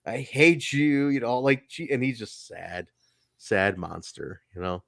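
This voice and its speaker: A man's voice: low-pitched, unhurried, creaky, no echo, studio quality. A man hosting a casual review podcast, recapping events and acting out what people said. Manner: animated recapping, acts out quotes. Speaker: podcast host. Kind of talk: casual wrestling review chat.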